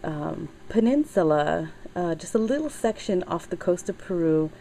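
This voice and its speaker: Soft-spoken woman crafter with a low, mellow voice. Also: animated, creaky, slight background noise, low-quality recording. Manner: halting, many fillers, emotional and teary. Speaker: crafting channel host. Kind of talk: casual craft video chat.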